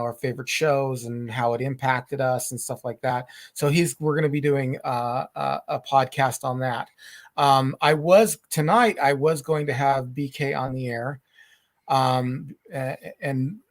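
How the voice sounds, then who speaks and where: A middle-aged man hosting a live podcast chat, talking in halting, rambling sentences full of restarts. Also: medium pitch. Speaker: podcast host. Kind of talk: casual live-stream chat.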